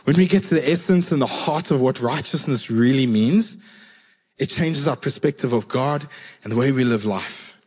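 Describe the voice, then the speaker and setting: A man's voice: mid-range voice, moderate pace, husky, in a large hall. A man preaching a sermon in a conversational, storytelling way, repeating his key words for emphasis.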